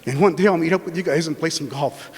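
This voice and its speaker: A man's voice: a little high, fast talker, background noise. A man giving an emotional, heartfelt tribute to his mentor. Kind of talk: banquet tribute. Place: banquet hall. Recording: reverberant banquet hall.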